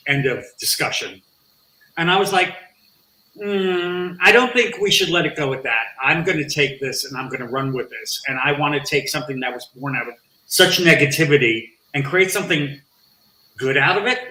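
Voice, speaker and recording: A man who is a guest on an interview podcast, telling a story with animated, acted-out dialogue. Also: medium pitch, reverberant, low-quality recording. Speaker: interview guest, nonprofit founder.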